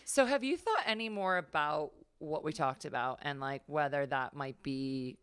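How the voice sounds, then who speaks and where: A woman's voice: deep voice, moderate pace, a bit bright, smooth. A woman hosting a podcast interview, chatty and blunt, swearing casually and nudging her guest along. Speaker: podcast host.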